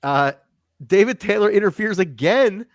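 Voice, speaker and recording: A man's voice: high voice, lively intonation, normal speed, no echo. A man hosting a podcast, chatting casually and joking, with plenty of swearing. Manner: laid-back, joking, swears freely. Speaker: podcast host. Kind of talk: casual review chat.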